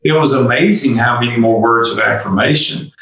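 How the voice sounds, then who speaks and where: A man's voice: mid-range voice, brisk, fairly bright tone, far from the mic. An older man speaks earnestly and candidly, sharing personal stories and acting out bits of dialogue. His voice sits off-mic in a very echoey room. He sounds like a guest on an interview podcast. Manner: earnest, confessional, acts out dialogue. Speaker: guest entrepreneur.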